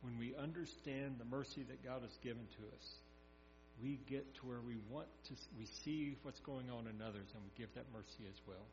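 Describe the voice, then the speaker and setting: Folksy preacher in an echoey hall. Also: male voice, mid-range voice, normal speed. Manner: folksy storytelling, acting out the scripture scenes. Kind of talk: sermon. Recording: echoey hall, dull sound, mains hum.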